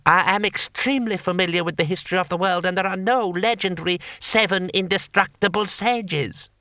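A man voicing an imperious, cold-tempered male warlord who sneers and snarls in a high, tight voice. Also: a little fast, pushed and bright, dry recording, clean studio sound. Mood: shrill, sneering.

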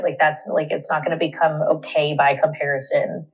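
A young woman talks through her experience in an interview, her voice low and full of fry. She sounds candid and indignant, often stopping and restarting mid-sentence. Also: flat delivery, fast talker, few pauses, dull audio. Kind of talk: personal testimony in an interview.

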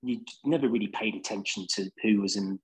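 A band singer with a London accent rambles through laid-back anecdotes on a podcast, full of fillers. His voice is on the low side, a little mellow and slightly rough, he talks fairly quickly, and the audio is poor.

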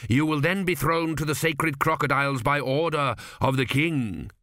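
A man voicing a stiff male high priest who speaks formally and will not bend. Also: normal speed, pushed and bright, no echo. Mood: stern. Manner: formal, unbending, dry.

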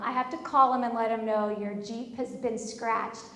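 A woman in her thirties giving a sermon built on personal stories, animated and acting out the back-and-forth of conversations. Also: fairly high pitch, brisk, few pauses. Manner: animated storyteller, acts out quoted exchanges. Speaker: speaker at a church service. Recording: echoey hall.

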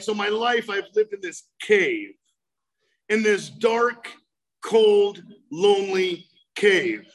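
A man's voice: high voice, a bit bright, rough recording. A man giving a personal recovery talk, telling his story with emphatic outbursts and vivid storytelling. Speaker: recovery speaker.

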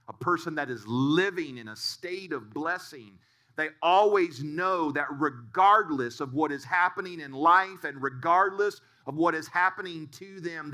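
A man's voice: a little high, sharp tone. A male pastor giving a sermon and telling stories in an earnest way. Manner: storytelling, earnest.

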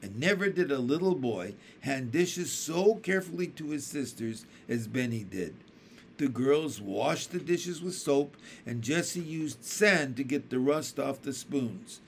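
A man reading a children's book aloud with expressive storytelling. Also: medium pitch, unhurried, slight background noise. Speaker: audiobook reader.

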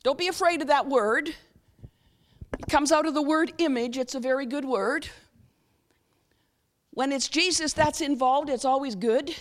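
A woman preaching at a church service, often asking her audience questions and leading them through a guided reflection. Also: high voice. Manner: interactive, asks the audience frequent questions; leads a guided reflection, slow and soft at times. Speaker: guest speaker. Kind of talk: sermon.

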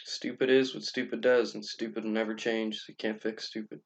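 A man's voice: fairly low pitch, flat delivery, a little fast. A man co-hosting a podcast, adding dry, matter-of-fact remarks. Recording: dull lo-fi sound.

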